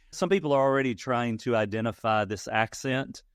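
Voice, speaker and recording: A man's voice: medium pitch, lively intonation, moderate pace, dry recording. Country guy from louisiana w/ a texas twang, folksy and easygoing, dry close mic. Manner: folksy, laughs easily, reflective. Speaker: guest. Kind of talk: casual interview storytelling.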